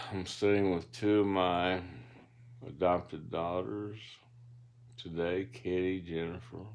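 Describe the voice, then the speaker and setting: A man talks from his bed in a low, deep voice, wandering through reflective, philosophical asides. He takes his time, speaking slowly and unhurriedly, like a self-made audiobook read aloud. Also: vocal fry, darkish tone. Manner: meandering, reflective, philosophical musing. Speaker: self-published author reading his own audiobook. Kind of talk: rambling spoken-word monologue. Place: lying in bed in a dark room.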